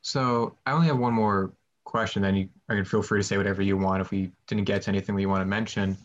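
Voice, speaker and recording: Curious host, dull lo-fi sound. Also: male voice, fairly low pitch, steady tone, fast talker. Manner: inquisitive, asks long questions. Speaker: podcast host. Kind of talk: casual podcast conversation.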